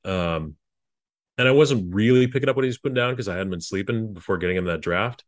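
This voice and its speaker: Male guest, low-pitched, earnest and halting, recounting memories in a dry, close recording. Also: dry recording. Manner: earnest, halting with frequent restarts. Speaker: former presidential speechwriter. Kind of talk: reflective interview storytelling.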